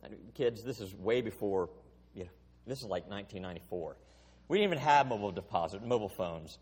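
A middle-aged man preaches in a church, his husky voice carrying a long reverb through the sanctuary. His pitch swings widely as he tells a story with animation. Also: lively intonation, quick pace, darkish tone. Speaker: pastor. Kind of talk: sermon.

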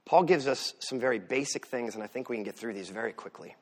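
A man preaching a sermon as pastor, swinging from loud emphatic lines to soft asides. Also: mid-range voice, quick pace. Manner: animated preaching, rises loud for emphasis then drops soft.

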